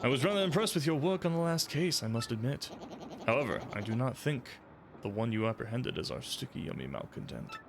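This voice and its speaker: A man's voice: medium pitch, sing-song, brisk, gravelly, background noise. A man reading as a pompous penguin detective. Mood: smug. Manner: grand, formal speech. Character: pompous male penguin detective, self-important.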